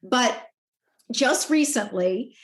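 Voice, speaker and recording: Speaking slowly, a woman in her forties tells a personal story as a podcast guest, her voice a bit high and her delivery candid, expressive and heartfelt. The room she's in adds a noticeable echo.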